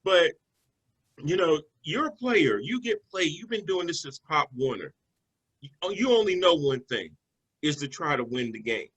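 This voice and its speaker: Bright-voiced man talking football. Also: fairly high pitch, expressive, normal speed, breathy edge, rough recording. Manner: conversational, loose with fillers and restarts. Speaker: sports talk show co-host. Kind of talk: casual sports analysis chat.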